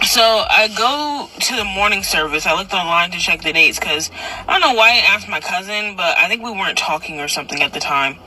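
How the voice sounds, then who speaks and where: A person telling a personal story in casual chat, animated and acting out quotes with sudden loud, high bursts, recorded in a car. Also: brisk, low-quality recording.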